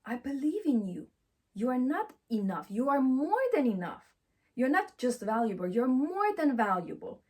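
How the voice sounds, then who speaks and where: A woman's voice: high-pitched, sing-song, normal speed, a little mellow, breathy edge. A woman giving a motivational self-help talk, emphatic and affirming, who repeats encouraging phrases and speaks English with slightly non-native grammar.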